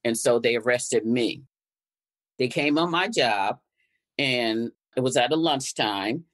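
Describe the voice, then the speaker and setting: Speaking slowly and with animation in a bass voice, an older woman from Connecticut tells her story as a guest. The activist re-enacts the exchanges she quotes while recounting events.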